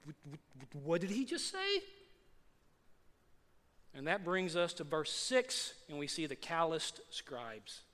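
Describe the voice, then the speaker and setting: A high-pitched man preaches with a bright, ringing tone, acting out the people of the story as he goes. His voice trails off in the long reverb of a big hall. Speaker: pastor. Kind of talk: sermon.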